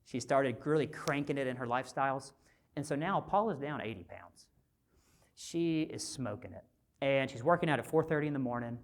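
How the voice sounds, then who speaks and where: A male physician giving a motivational conference talk, conversational and animated, often asking the audience rhetorical questions. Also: mid-range voice, brisk. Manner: animated storyteller. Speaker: physician and speaker at a health summit.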